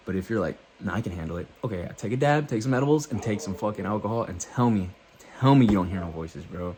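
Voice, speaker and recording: A man's voice: on the low side, animated, quick pace, slight background noise. A man vlogging, telling a loose, profane story to the camera and acting out what he thought and said.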